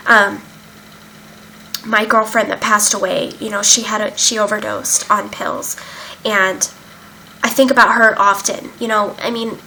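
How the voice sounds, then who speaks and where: A woman's voice: medium pitch, little pitch movement, unhurried, vocal fry, sharp tone, slight background noise, low-quality recording. A young woman candidly telling her own story in a casual vlog, emotional and open, with many fillers and some swearing. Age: young adult. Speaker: vlogger sharing her recovery story. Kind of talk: casual personal account.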